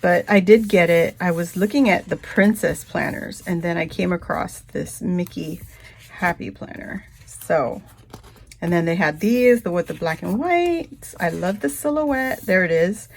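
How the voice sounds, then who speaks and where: A woman vlogger chatting casually through a shopping haul, rambling and breaking into high, gushing squeals over cute things. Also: animated, measured pace, creaky. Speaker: craft vlogger.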